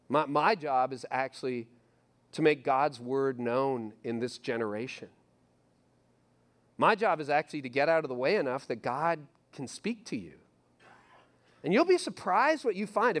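A middle-aged man preaching a sermon as pastor, animated and repetitive, acting out his listeners' inner voices. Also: a little high.

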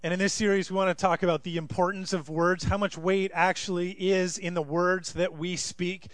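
A male pastor with a fairly high voice preaches to a congregation in a relaxed, storytelling way, full of light humor. The sound is close and dry, with no room echo. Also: moderate pace. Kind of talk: sermon with storytelling. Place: in front of a live congregation.

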